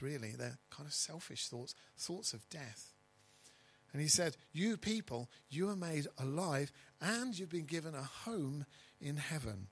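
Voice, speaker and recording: A man preaching a sermon as pastor, stressing key words loudly and dropping to quiet asides. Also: on the high side, husky, low-quality recording. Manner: emphatic, swinging between loud stresses and quiet asides.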